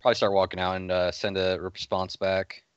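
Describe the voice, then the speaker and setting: A man's voice: low voice, completely flat delivery, fairly quick, clear, resonant tone, no room sound, lo-fi sound. A man playing a tabletop game, hesitant with many fillers. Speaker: player. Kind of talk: casual tabletop play.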